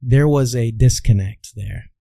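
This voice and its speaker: A gravelly, dark-toned mid-range voice belongs to a Midwestern voice coach who is being interviewed. Speaking a little slowly, he explains like a teacher, asking rhetorical questions and answering them himself. The recording is dry.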